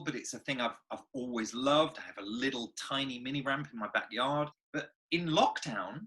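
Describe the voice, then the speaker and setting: A man, an actor and guest on the show, telling stories in a lively, expressive way. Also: mid-range voice. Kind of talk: animated conversational storytelling.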